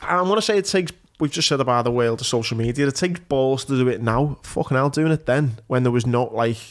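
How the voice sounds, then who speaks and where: Man, podcast host, middle pitch, blunt, swears, casual chat. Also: fairly quick.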